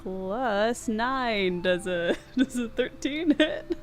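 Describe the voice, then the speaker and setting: A woman's voice: fairly high pitch, animated, very slow, a little hiss or hum. A woman playing a tabletop game, chatty and giggly as she rolls and describes her moves. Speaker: player. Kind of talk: casual tabletop play.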